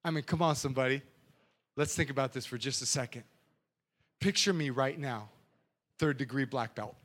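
A young adult man preaching as a youth pastor, telling stories in a lively, animated way. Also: medium pitch, moderate pace. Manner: animated storytelling with sound effects and acted voices.

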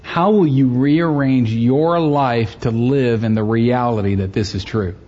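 A man's voice: medium pitch, steady tone, a little slow, dark tone, dull audio. A middle-aged man, a pastor, preaching a sermon and telling a personal story, conversational and joking with the congregation.

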